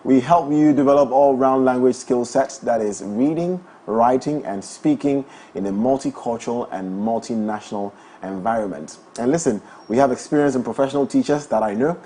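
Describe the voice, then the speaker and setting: Guy hosting a morning studio show, playful, laughs a lot, mid pitch, faint hum behind. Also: normal speed, few pauses, dark tone. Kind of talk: breakfast show chat and live ad read.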